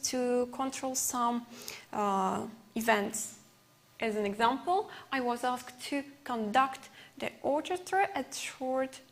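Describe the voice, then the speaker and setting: A woman teaching an English lesson on television, a non-native speaker whose first language is Uzbek, who explains slowly with repeated examples and fillers. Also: sits high.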